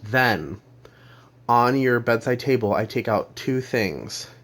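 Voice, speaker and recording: A man doing a comic monologue, telling a long, rambling second-person story with halting restarts. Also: mid-range voice, lively intonation, fairly bright tone. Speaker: comedian.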